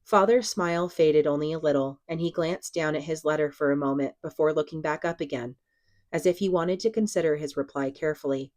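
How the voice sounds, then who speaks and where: A woman reading a novel aloud in a steady, even narration. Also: low voice, fairly quick. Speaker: audiobook reader.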